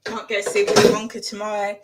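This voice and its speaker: A woman's voice: mid-range voice, completely flat delivery, fast, very noisy. A woman chatting casually in her home kitchen as she cooks, rambling and repeating phrases for emphasis. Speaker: vlogger. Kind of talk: casual chat while cooking.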